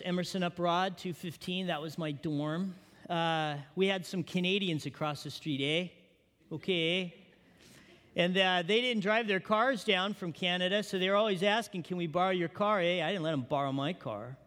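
A man preaching a sermon as pastor, telling animated stories and asking the congregation questions. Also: high voice, big-room sound.

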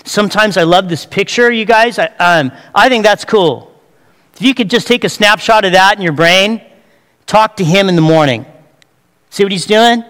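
A male pastor preaches with an easy, joking style, tossing rhetorical questions to his listeners. His voice sits high and comes across smooth and resonant. A long reverb trails behind him, as from a large hall. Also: normal speed, fairly bright tone. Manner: conversational preaching with humor, rhetorical questions to the congregation. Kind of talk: sermon.

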